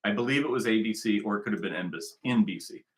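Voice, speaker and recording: A man's voice: on the low side, fast. An American man from the United States giving sarcastic, rambling commentary on news clips and often repeating phrases.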